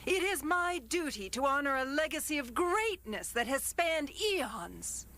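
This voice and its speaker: A woman's voice: high voice, big pitch swings, unhurried, bright, forceful tone, exaggerated voice. A weary, haughty bee queen. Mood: weary, regal. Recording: film audio with music behind.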